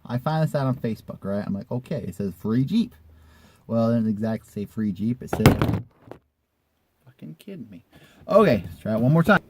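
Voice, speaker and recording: A man's voice: mid-range voice, animated, brisk, heavy background noise. A man in a casual vlog, telling a personal story in a rambling, conversational way with the odd swear word.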